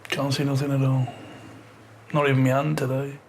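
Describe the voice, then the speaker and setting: A man, an eye patient, speaking quietly and in a downbeat way, mostly in short answers. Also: medium pitch, flat delivery, normal speed, creaky, slight background noise.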